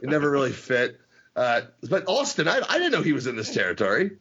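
Excitable gravelly-voiced man podcast host. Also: medium pitch, fast talker, highs cut off, crowd noise. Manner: excitable, swearing, acts out impressions. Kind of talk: casual chat.

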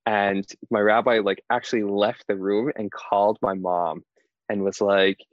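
A man's voice: lowish voice, flat delivery, unhurried, no echo, muffled recording. A young man from Indiana, a podcast guest telling a personal story in a casual, chatty way, with lots of "like" and frequent laughter. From Indiana, USA. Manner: chatty, heavy use of "like", laughs often while telling.

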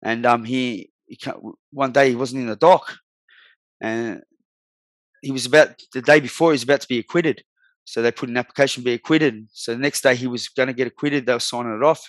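A man's voice: mid-range voice, steady tone, brisk, dry recording. An Australian man in his forties, a guest telling his life story bluntly in slangy, swear-heavy talk. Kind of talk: candid storytelling in a podcast interview.

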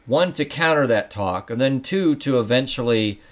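A man's voice: mid-range voice, expressive, normal speed. A man co-hosting a casual talk, searching for words with many fillers and restarts. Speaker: podcast co-host. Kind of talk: casual conversation.

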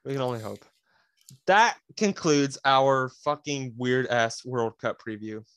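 A man's voice: medium pitch, unhurried, a bit bright, clean tone. A man co-hosting a podcast in casual chat, swearing casually. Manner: laughs easily, swears casually. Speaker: podcast co-host.

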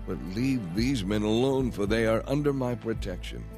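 A man's voice: on the low side, normal speed, music in the background, lightly acted. A man voicing Lot as an anxious man who begs and pleads urgently in a storybook reading. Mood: begging. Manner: begging, urgent.

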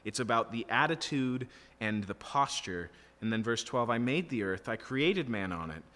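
A man's voice: medium pitch, lively intonation, normal speed, fairly bright tone. Man preaching in a reverberant hall. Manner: earnest, emphatic teaching with frequent "okay" and "right" checks. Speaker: pastor. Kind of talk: expository sermon. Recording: long reverb of a large hall.

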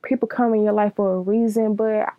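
A woman's voice: medium pitch, flat delivery, a little fast, no echo, phone-quality sound. A young woman giving a blunt, profane, casual monologue, laughing often.

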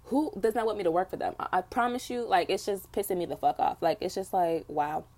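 A woman's voice: medium pitch, a little fast, darkish tone. A young woman hosting her own podcast, venting bluntly with lots of swearing in casual chat. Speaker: podcast host.

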